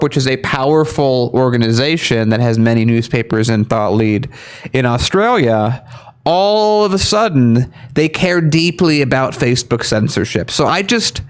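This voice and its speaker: Man, young adult, online news co-host, argumentative, animated, mocking quotes. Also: on the high side, a little slow. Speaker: co-host of a news commentary show. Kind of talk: casual opinion commentary.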